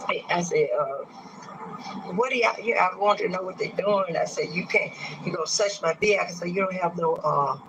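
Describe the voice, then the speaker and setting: A man in his sixties gives a halting, hesitant account full of pauses and restarts in a recorded interview. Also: high-pitched, vocal fry, noisy background. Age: 60s. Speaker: man recounting a police arrest.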